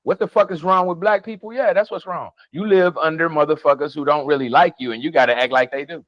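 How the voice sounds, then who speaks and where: Man, high-pitched, emphatic and profane, dry close sound, heated casual talk. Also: fast talker, dry recording, highs cut off. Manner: emphatic, profane, laughing often. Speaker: podcast co-host.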